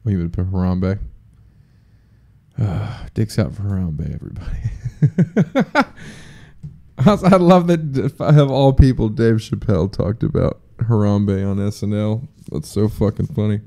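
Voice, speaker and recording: A young man hosts his podcast solo, rambling loosely from one riff to the next with plenty of swearing and jokes. His voice sits low and gravelly, with a dark, mellow tone. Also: animated, measured pace. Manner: rambling, profane, jokey. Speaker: podcast host. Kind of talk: casual solo podcast chat.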